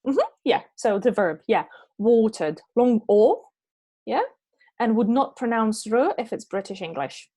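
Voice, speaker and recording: Over an online meeting mic, a female English teacher answers chat questions once her online class has ended. Her voice sits on the high side, warm in tone, with lively intonation and a measured pace. She's patient and keeps confirming understanding by asking "yeah?" and "okay?".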